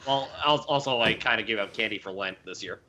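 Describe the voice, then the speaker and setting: A man appearing as a podcast guest, hesitant in his speech and prone to dry, deadpan jokes. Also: lowish voice, fairly quick, heavy background noise. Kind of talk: casual chat.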